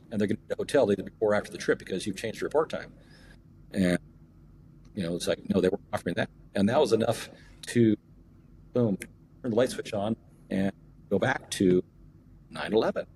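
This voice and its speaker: A middle-aged man, an airline captain and union rep, telling a long story as a podcast guest and pausing often on fillers and restarts. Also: on the low side, a little mellow, slight background noise. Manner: rambling, many fillers and restarts. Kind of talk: storytelling in an interview.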